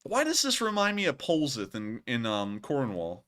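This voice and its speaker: Bright-voiced chatty male streamer. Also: mid-range voice, huge pitch swings, normal speed. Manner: chatty, rambling, laughs often. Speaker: streamer host. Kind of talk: casual live chat.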